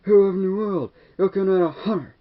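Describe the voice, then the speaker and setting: Man putting on a shrill unhinged bomber, high yelling voice, ranting, muffled lo-fi sound. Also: normal speed, natural voice. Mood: frantic. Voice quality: high, shouty. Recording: dull lo-fi recording.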